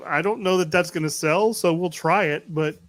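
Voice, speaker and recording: A man's voice: fairly high pitch, normal speed, a bit bright, dry recording. A man co-hosting a podcast, telling stories in casual chat in a wry, blunt way with casual swearing. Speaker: podcast co-host.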